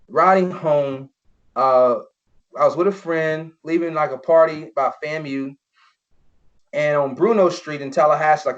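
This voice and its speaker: A young man, a former football player, telling personal stories as a podcast guest, earnest and full of "you know" fillers. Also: a little high. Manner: earnest, many "you know" fillers, acts out quoted voices. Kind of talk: personal storytelling in an interview. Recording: dull lo-fi podcast audio.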